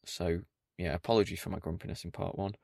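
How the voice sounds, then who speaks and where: Dry, mock-stern man, low gravelly voice. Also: steady tone, quick pace, a little mellow, no echo. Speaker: podcast host. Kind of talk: solo podcast monologue.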